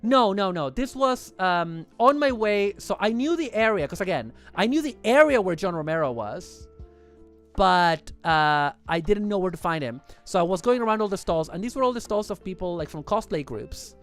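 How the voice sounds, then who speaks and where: A livestream host chatting casually over photos in a rambling, excitable way, often correcting themselves mid-sentence. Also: medium pitch, normal speed, soft background music.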